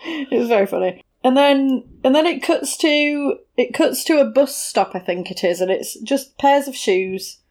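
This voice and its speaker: A woman with a slightly high voice chats casually about a film. She giggles often and slips into playful voices when she acts out what people said. Her delivery is loose and chatty. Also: animated, moderate pace, a little mellow. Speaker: podcast co-host. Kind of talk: casual chat recapping a film.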